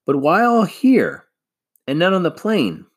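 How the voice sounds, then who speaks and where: A man voicing a thoughtful, wistful father in a storybook, musing and reciting slowly. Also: a little high, wildly swooping pitch, husky, pitched above the performer's own voice, full character voice.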